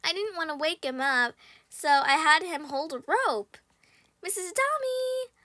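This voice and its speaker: A young female gaming host narrating her game play, excitable, squealing and shouting when in danger. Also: very high voice, unhurried, no room sound, clean studio sound. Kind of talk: game commentary.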